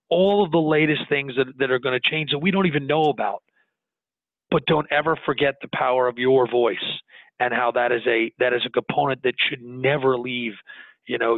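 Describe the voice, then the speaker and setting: A man, a business owner, talking earnestly in an interview, animated and restarting his sentences as he goes. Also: mid-range voice, no room sound. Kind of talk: conversational interview. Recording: tinny phone-line audio, dry.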